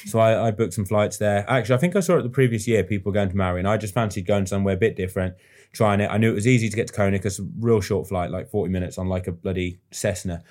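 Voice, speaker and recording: An English man co-hosting a podcast, chatting casually and quickly, with banter and the odd swear word. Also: lowish voice, darkish tone. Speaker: podcast co-host. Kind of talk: casual chat.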